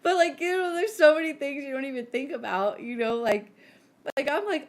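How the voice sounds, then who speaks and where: A woman in her forties co-hosts a podcast and chats casually, telling stories with plenty of "like" and acting out quotes. She has a high voice and talks a little fast.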